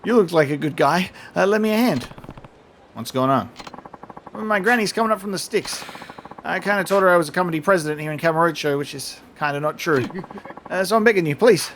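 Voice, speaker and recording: A man's voice: on the high side, brisk, fairly bright tone, slight background noise. A man voicing a sheepish young delinquent in a video game, pleading eagerly for help.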